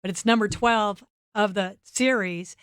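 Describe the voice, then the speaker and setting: A woman's voice: mid-range voice, measured pace, smooth, dry recording, studio quality. A woman guest on a motorsports podcast, chatting casually and acting out the people in her stories. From United States. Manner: animated, acts out quoted dialogue. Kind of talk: casual storytelling interview. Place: studio set.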